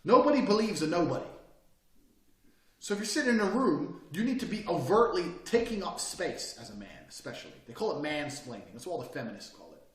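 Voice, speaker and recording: A man's voice: sits high, very animated, fairly quick. A man teaching a course on body language and speaking, brash and profane, pushing his points hard and mocking people who hesitate. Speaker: online course presenter. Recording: roomy echo, mic at a distance.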